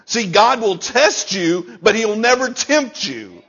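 A man's voice: sits high, expressive, slow, sharp tone, husky, dull audio. A male pastor preaching a sermon, emphatic and repeating key lines, chuckling between points.

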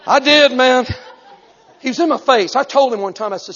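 A man preaching a sermon as an evangelist, telling a story animatedly and breaking into sudden shouts. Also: very high-pitched, normal speed, a faint crowd, a little hiss or hum. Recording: echoey hall, dull lo-fi sound.

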